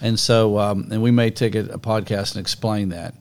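A man co-hosting a podcast, telling a Bible story in a casual, animated way and acting out scenes with sound effects. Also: fairly low pitch, moderate pace, clear, resonant tone. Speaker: podcast co-host. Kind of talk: casual conversational Bible teaching.

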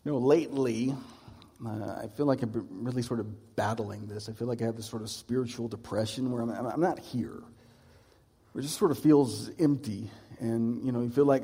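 A man's voice: medium pitch, moderate pace, dark tone, breathy edge, big-room sound. A man preaching a sermon, conversational and reflective, with many rhetorical questions.

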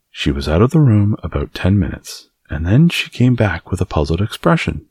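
A man narrating a classic children's novel as an audiobook, in a measured storytelling manner. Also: deep voice, sing-song, a little mellow, breathy edge, no echo, studio quality. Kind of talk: scripted narration.

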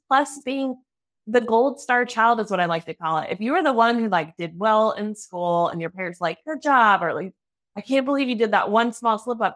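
A candid, chatty woman in her thirties hosts a relaxed podcast conversation. She laughs easily and slips into little voiced snippets of her own worried thoughts, keeping an everyday, mid-range pitch. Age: 30s. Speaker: podcast host. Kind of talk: casual interview chat.

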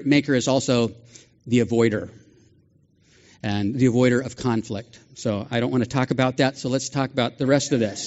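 A man's voice: medium pitch, darkish tone, muffled recording. An older male pastor giving a sermon in a conversational way, with asides and self-deprecating jokes. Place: church sanctuary.

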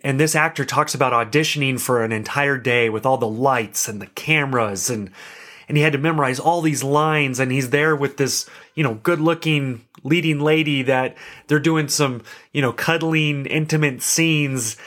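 A man's voice: mid-range voice, moderate pace, a bit bright. A young adult man hosting a podcast, telling a story in a chatty, self-deprecating way and laughing now and then. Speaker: podcast host. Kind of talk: casual storytelling monologue.

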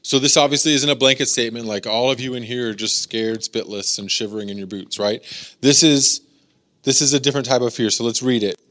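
A man's voice: mid-range voice, brisk, bright, forceful tone. A man preaching as a pastor in a casual, talky way, full of "like" and acted-out voices. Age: adult, has daughters. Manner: conversational, filler-heavy, acts out voices. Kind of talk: casual youth sermon.

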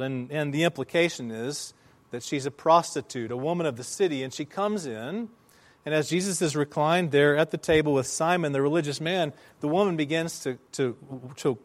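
A man preaching a sermon, telling a story with slow, emphatic phrasing and dramatic pauses. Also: on the high side. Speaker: pastor.

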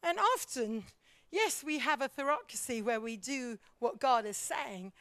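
A woman giving a church teaching talk on leadership. She is animated, keeps asking the audience questions and acts out the voices of the people she describes. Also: high-pitched, unhurried, no room sound.

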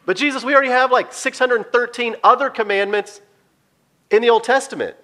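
A man's voice: very high-pitched, a little fast, pitched above the performer's own voice. A man voicing the disciples as incredulous young men objecting to their teacher. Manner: incredulous, excited.

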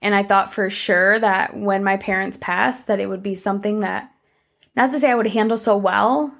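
A young woman talks straight to her viewers in a loose, candid monologue, dotted with "like" and "um" and the occasional curse. Her voice sits at a middle pitch, and a gravelly fry runs through it. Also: fairly even intonation, moderate pace, a bit bright. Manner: candid and conversational, with frequent "like" and "um" and some swearing. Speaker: vlogger. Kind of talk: casual personal life-update monologue.

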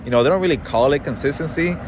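A man co-hosting casual sports analysis, talking in a measured way with many fillers and restarts. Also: on the high side, slight background noise. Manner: measured, filler-heavy, hesitant. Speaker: co-host.

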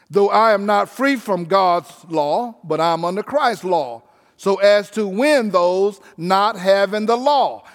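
A man's voice: sits high, in a large hall. A man preaching a sermon as pastor, folksy and emphatic, stretching out key phrases.

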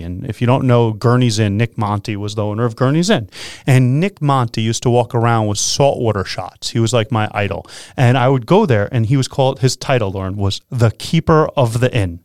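Energetic male radio host, mid pitch, dry studio mic. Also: dry recording. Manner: energetic, animated, quick to laugh. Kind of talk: excited casual radio talk.

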